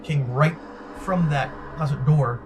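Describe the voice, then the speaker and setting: Middle-aged male interview guest, animated storyteller who acts out dialogue, light music underneath. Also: on the high side, takes it slowly. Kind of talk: recounting a personal story.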